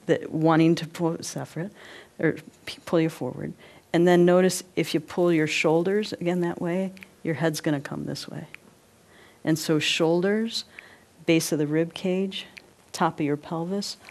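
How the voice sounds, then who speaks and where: A woman presenting a live workshop, animated, guiding listeners through movements and often checking in with them. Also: lowish voice. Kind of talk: live interactive workshop talk.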